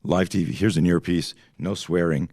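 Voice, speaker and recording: A man's voice: deep voice, steady tone, normal speed, darkish tone, no echo, clean studio sound. A man in his fifties, a podcast guest, telling rambling stories full of tangents and swearing in a casual chat. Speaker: podcast guest, self-defense instructor.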